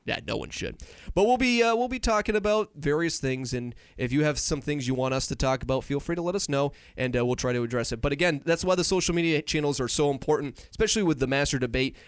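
A man's voice: a little high, lively intonation, fast, clean tone, no echo, clean studio sound. A young man co-hosting a casual podcast on a headset, upbeat and joking, rambling with restarts. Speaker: podcast co-host.

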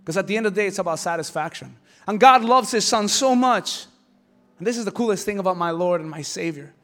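A male pastor preaching a sermon with passion, swinging from hushed lines to shouts. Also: sits high, lively intonation, fairly quick.

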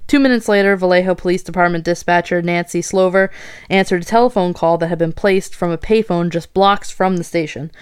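Woman co-host with a smooth voice. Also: on the low side, steady tone, brisk. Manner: swears casually, reacts with gasps. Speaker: podcast co-host. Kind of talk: casual chat, reading crime stories aloud.

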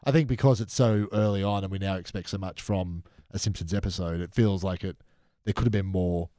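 A deep, mellow-voiced man guests on a podcast, recorded close and dry. He picks apart what he reviews in an opinionated, analytical way. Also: fairly even intonation, brisk, no room sound. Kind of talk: casual chat reviewing episodes.

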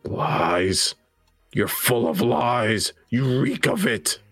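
A man voicing a huge goat-faced demon that makes slow, clipped threats. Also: medium pitch, very animated, a bit bright, slightly rough, no room sound, faint music behind, full character voice. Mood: menacing.

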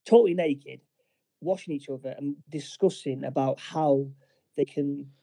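A man co-hosting a casual chat, recapping a film plot in a halting way with many restarts. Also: a little high, vocal fry, warm tone, no echo. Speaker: podcast co-host.

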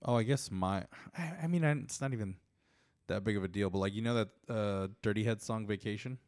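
A man's voice: on the low side, a little fast, darkish tone, dry recording, studio quality. A young man co-hosting a casual podcast chat, laid-back and sweary with sarcastic asides. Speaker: podcast co-host.

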